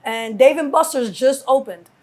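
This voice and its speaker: A middle-aged woman from New York, a guest telling stories in a casual interview, acting out quotes with lively swearing. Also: high voice, moderate pace. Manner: animated storyteller acting out quotes, heavy cursing. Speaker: guest, mother of a rapper.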